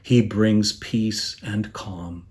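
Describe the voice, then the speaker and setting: A man, a bishop, preaching a sermon in a measured, reflective way, pausing often and letting phrases trail off softly. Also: on the low side, steady tone.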